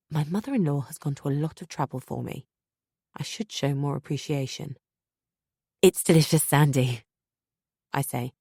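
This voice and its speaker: A woman narrating a first-person audiobook in a measured way, sometimes sinking to a hush. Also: rumbling low, no echo, clean studio sound.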